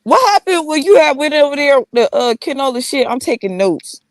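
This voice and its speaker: A woman's voice: high-pitched, big pitch swings, brisk, no room sound, studio quality. A woman calling into a live-stream chat, brash and heavy with swearing. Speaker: caller on a live show.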